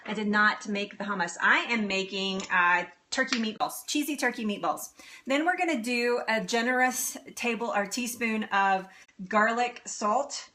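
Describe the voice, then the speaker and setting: A woman in her thirties hosts a live cooking stream from her home kitchen, talking viewers through a recipe. Her voice is bright and a little high, and she is chatty and giggly, breaking off to answer comments. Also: a little hiss or hum. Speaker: cooking show host.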